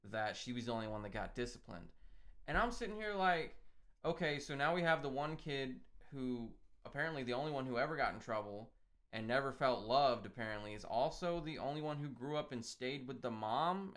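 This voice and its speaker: A man's voice: medium pitch, a bit bright. Swearing man co-hosting a podcast. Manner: profane, reads from his notes. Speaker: podcast co-host. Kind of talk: casual movie review chat.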